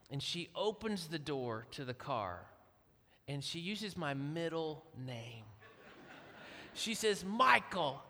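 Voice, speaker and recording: A middle-aged man telling a family story from the pulpit as a guest speaker, acting out the quotes in an animated way. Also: on the high side. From Kentucky. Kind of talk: storytelling sermon. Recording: long hall reverb.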